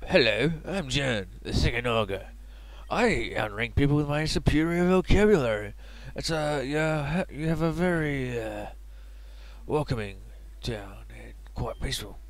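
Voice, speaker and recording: A man doing a haughty, condescending game official who talks down to everyone, slow and a touch lower than his own voice. Deliberately refined and pompous. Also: expressive. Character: pompous snobbish male town official.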